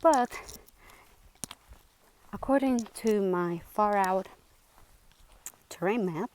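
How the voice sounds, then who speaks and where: A woman's voice: medium pitch, drawn-out words, long pauses, darkish tone, a little hiss or hum. A woman vlogging on a mountain trail, chatting to the camera in a casual, easily delighted way and sometimes short of breath from the climb. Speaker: hiking vlogger.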